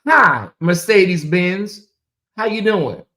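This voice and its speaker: This livestream host's voice is fairly low and a little bright, animated yet slow-paced. She rambles casually, repeats herself, and chats directly with her audience.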